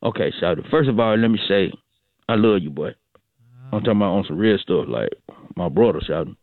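A man's voice: sits low, expressive, a little fast, dry recording. Drawling man on a tinny phone line. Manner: drawling, repetitive, climbs into sing-song preaching. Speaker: recurring caller on a morning radio show. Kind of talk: rambling comic phone call.

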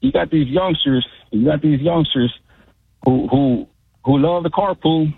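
A man's voice: fairly high pitch, unhurried, creaky, husky, no echo. A man calling into a radio show, a former club DJ, telling rambling streetwise stories in casual chat over a phone line. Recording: tinny phone line, dry.

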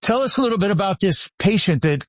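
A man's voice: high voice, expressive, fast talker, no room sound. A man hosting an interview with enthusiasm, introducing his guest and chatting with him. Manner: enthusiastic, upbeat. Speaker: chiropractor, interview host. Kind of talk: conversational interview. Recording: dry close sound.

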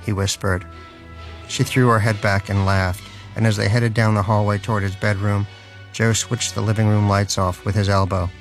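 A man narrating an audiobook in a dry, wry storytelling manner. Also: lowish voice.

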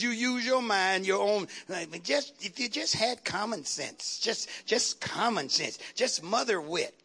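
A man's voice: high-pitched, pushed and bright. A man preaching a fervent sermon, calling out to the congregation and asking for responses.

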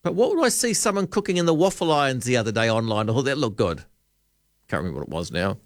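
A man's voice: medium pitch, big pitch swings, fast talker, no echo. A man hosting a talkback radio show, rambling and joking as he thinks aloud at a studio microphone. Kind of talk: casual radio chat.

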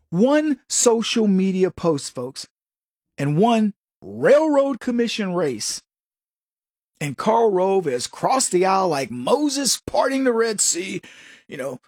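A man's voice: sits high, very animated, slow pace, a little mellow, no room sound, clean studio sound. A middle-aged man hosting a show, giving an opinionated, sarcastic and preachy monologue to listeners he calls folks. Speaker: political commentary host.

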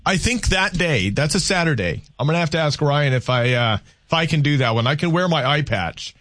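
A man's voice: on the high side, lively intonation, fairly quick, a bit bright, no room sound. A man hosting a call-in radio show with a slightly raised voice, and he rambles and teases himself. He talks into a studio mic, and the sound is dry and close. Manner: rambling, self-deprecating, playful. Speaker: radio talk show host. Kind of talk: casual call-in radio chat. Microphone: studio microphone.

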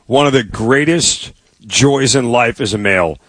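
A man's voice: mid-range voice, measured pace, fairly bright tone, no echo. A man co-hosting a sports radio show, telling stories casually and checking for agreement as he goes. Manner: storytelling, asks for agreement with "right?". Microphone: studio microphone.

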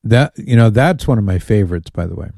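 Male call-in radio host: low, warm, dry studio sound, easygoing and amused. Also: lively intonation, brisk, gravelly, dry recording. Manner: chatty, amused, reads listener emails aloud.

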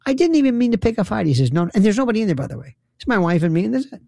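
A man's voice: high-pitched, sing-song, rapid-fire, vocal fry, dark tone, dry recording, studio quality. A man telling incredulous, sarcastic stories in an opinionated monologue. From New York.

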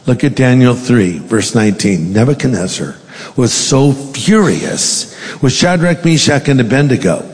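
A man's voice: mid-range voice, very animated, unhurried, a little mellow, in a large hall. A male pastor preaching a sermon, reading scripture aloud with dramatic emphasis.

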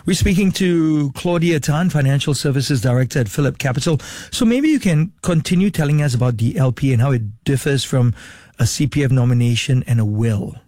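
A man's voice: mid-range voice, lively intonation, a little fast, darkish tone, no room sound, clean studio sound. A man hosting a radio interview, asking long conversational questions. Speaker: radio host.

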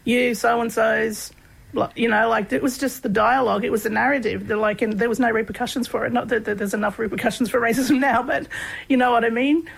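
An Australian woman, a guest researcher, telling personal stories in a relaxed, chatty way with lots of fillers. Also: a little high, quick pace, gravelly, breathy edge, poor audio. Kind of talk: conversational storytelling.

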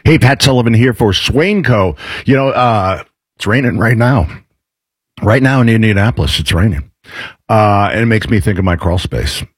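A man's voice: lowish voice, expressive, normal speed, breathy edge, dry recording. A man hosting a radio show, reading an ad in a joking, rambling way. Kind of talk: casual radio chat and live-read ad.

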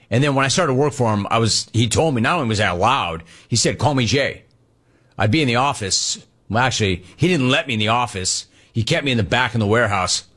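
A man hosting a sports talk show in a casual way, reading out listener messages and telling lively stories. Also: mid-range voice. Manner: animated, storytelling, mimics quoted people.

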